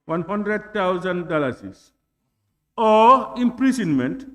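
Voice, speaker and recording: High-voiced man chairing proceedings. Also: sing-song. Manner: deliberate, reads clauses slowly and puts questions. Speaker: chairing a parliamentary committee. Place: legislative chamber.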